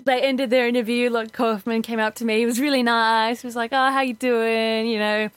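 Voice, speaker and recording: A woman's voice: on the high side, level tone, fairly quick, no room sound. Giggly chatty woman. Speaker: podcast co-host. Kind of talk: casual chat.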